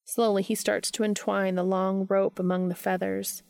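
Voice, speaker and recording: A woman reading a story aloud in an unhurried, soft, intimate narration. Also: mid-range voice, flat delivery, gravelly, dry recording, studio quality. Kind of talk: scripted audiobook narration.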